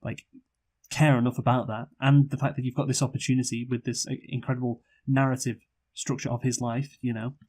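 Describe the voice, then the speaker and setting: Co-hosting a casual film review podcast, a man with a level, darkish mid-range voice talks fairly quickly. He rambles freely, using lots of fillers and restarts and swearing without hesitation.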